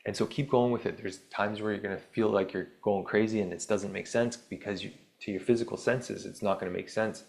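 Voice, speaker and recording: A man's voice: fairly low pitch, steady tone, a little fast, vocal fry, few pauses, darkish tone. A man hosting a podcast, talking through spiritual ideas in a rambling, self-interrupting way with wry asides. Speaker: podcast host. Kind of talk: casual spiritual monologue.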